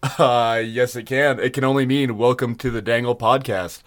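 A man's voice: mid-range voice, fairly even intonation, normal speed. Man, podcast co-host, casual chat, folksy, easygoing, a bit off after dental work.

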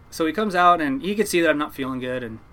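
A man's voice: on the high side, lively intonation, moderate pace, a bit bright. A man, a fisherman, telling a rambling story in a casual interview, with frequent restarts and fillers.

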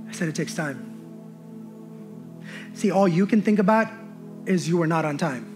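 A pastor preaching a sermon in church, building emphatically and slipping into relaxed storytelling with quoted dialogue. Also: male voice, a little high, brisk, pauses often, over music.

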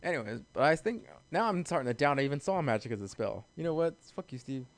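Fast-talking crude man chatting casually. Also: fairly high pitch, big pitch swings, no room sound. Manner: fast, crude, cuts himself off and restarts. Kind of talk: casual chat.

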